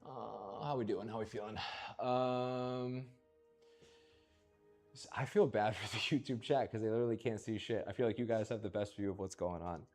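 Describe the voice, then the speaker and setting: A deep, low-pitched man talks through a painting session on a live stream. He is laid-back and loose with swearing, and he drifts into muttered, whispered chants as he works. Faint music plays underneath. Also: steady tone, normal speed, a little mellow. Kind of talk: casual live-stream chat while painting.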